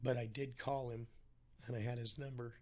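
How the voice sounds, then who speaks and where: A middle-aged man, a podcast guest, telling his story in a casual interview in an animated way and acting out the voices of the people in it. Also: medium pitch, moderate pace.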